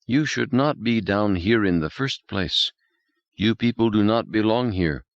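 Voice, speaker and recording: A man voicing a cold, vengeful alien intelligence that speaks slowly, stiffly and formally. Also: lowish voice, lively intonation, no echo, highs cut off, voice pushed up. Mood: menacing. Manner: slow, stiff, formal and menacing.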